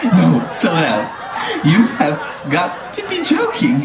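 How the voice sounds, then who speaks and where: A man's voice: on the high side, huge pitch swings, slow pace, a crowd in the background, heavily acted. A man doing a breathless, weepy superfan. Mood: gushing, distraught. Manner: breathless, dramatic, laughing through lines. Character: gushing, tearful young male superfan. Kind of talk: comedic prank-call impression. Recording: echoey room with clear noise.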